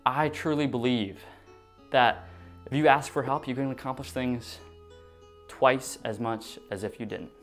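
Animated young man telling a story. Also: medium pitch, measured pace, soft background music. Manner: animated, dramatic storytelling with acted quotes. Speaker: vlogger. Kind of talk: storytime vlog.

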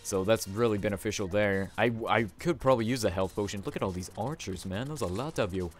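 A young man giving let's play commentary, talking to his viewers and swinging between excited outbursts and deflated mutters. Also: on the low side, quick pace, soft background music. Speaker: gameplay commentator.

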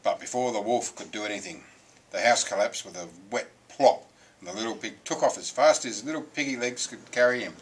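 A man reading a children's picture book aloud with lively, expressive storytelling. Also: lowish voice, a little fast, low-quality recording. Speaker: reader.

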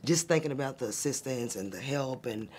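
A man's voice: mid-range voice, a little fast, darkish tone, husky. A man speaking in a testimonial interview as a parent, heartfelt and emotional, reflective with occasional fillers. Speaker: program client and parent.

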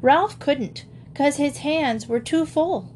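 A woman's voice: on the high side, lively intonation, unhurried, a little mellow, a little hiss or hum. A woman voicing a spoiled, merry little rich girl who chatters eagerly in an old storybook. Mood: proud.

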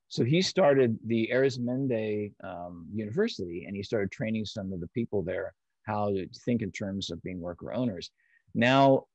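A man's voice: on the low side, darkish tone, breathy edge, no echo. A man speaking as an interview guest, explaining ideas patiently and step by step in a conversational way. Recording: dry, slightly dull audio.

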